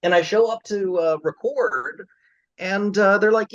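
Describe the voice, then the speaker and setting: A man guest telling stories in a casual interview, excitable and animated. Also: sits high, a little slow, no room sound, lo-fi sound. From Maryland, USA. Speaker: voice actor guest.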